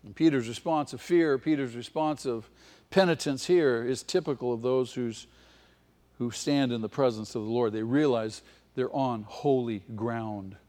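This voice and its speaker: A man preaching a sermon with passion, his voice swelling to near-shouts at its peaks. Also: mid-range voice, normal speed. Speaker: pastor. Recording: long hall reverb.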